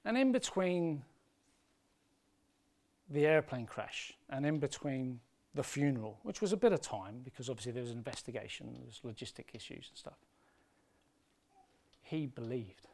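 A man preaching a sermon with passion, moving between hushed, emotional storytelling and loud, rising appeals. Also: medium pitch, expressive, normal speed, gravelly, long pauses. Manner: impassioned, swinging from hushed to loud.

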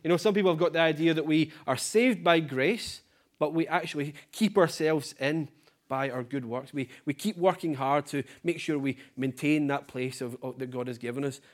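A male preacher with a fairly high-pitched voice delivers an earnest sermon. He leans on repetition for emphasis and lets his phrase endings drop quietly. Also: moderate pace.

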